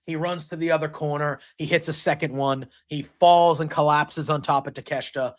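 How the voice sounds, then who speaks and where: Chatty man recapping wrestling, slightly high voice. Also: fairly even intonation, a little fast. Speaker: wrestling show recap host. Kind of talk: casual solo recap.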